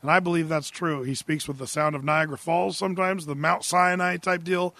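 A man's voice: a little high, a little fast, gravelly, no echo. A middle-aged male pastor preaching a humorous, conversational sermon, telling Bible stories with lots of asides. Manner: humorous, conversational, animated storytelling.

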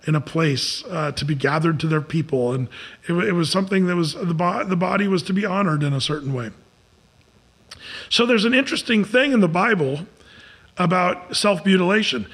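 A man's voice: on the high side, fairly bright tone. A man preaching in a loose, conversational sermon, telling the story dramatically with many fillers and restarts.

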